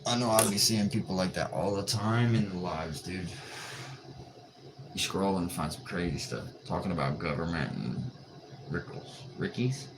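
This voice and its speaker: A man's voice: sits low, moderate pace. A tired man chatting casually on a late-night livestream, joking and answering viewers' comments in a laid-back way. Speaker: livestream host. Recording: noisy livestream audio.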